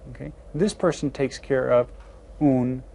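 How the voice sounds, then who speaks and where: A man teaching a beginner language lesson to children, slowly and patiently sounding out each word. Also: medium pitch, expressive, darkish tone. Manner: slow, patient, carefully sounds out words. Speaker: Spanish teacher. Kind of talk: classroom video lesson.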